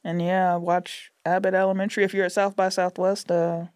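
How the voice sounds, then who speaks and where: A woman TV writer chatting as a podcast guest, relaxed and casual, swearing freely and laughing often. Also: lowish voice, dry recording, clean studio sound. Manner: relaxed, profane, quick to laugh.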